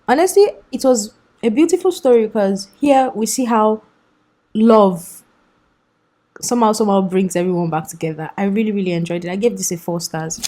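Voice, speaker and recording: A woman's voice: medium pitch, a little fast, mellow. A young woman chatting enthusiastically through a casual book review vlog, often laughing.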